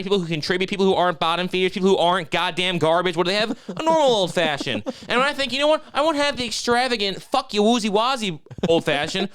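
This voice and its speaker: A man's voice: sits high, fairly bright tone, clean tone. A man co-hosting a comedy podcast, ranting profanely and sarcastically, piling up rhetorical questions. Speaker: podcast co-host.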